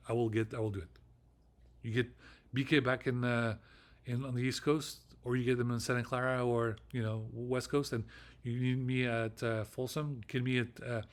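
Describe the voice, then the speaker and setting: A middle-aged man delivering a rambling solo vlog monologue, ranting, swearing often and repeating himself with frequent restarts. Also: mid-range voice. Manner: ranting, profane and repetitive, with restarts. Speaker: vlogger.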